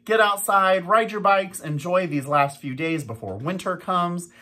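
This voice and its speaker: Principal doing morning announcements for little kids: bright, mid-pitched voice, teacherly and coaxing, repeats instructions for emphasis. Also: unhurried. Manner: coaxing, teacherly address to young children. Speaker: elementary school principal.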